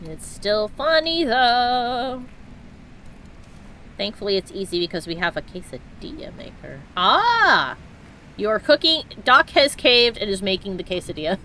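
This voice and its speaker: Woman streamer, bright and lively, slow and chatty gameplay commentary. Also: medium pitch, slight background noise. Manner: chatty, playful, exclaiming at the game. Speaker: let's-play streamer.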